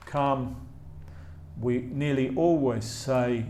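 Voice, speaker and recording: A man from England with an English accent, teaching a grammar lesson slowly and patiently, repeating key points with frequent ums. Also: mid-range voice, a little mellow. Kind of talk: slow, explanatory grammar lesson.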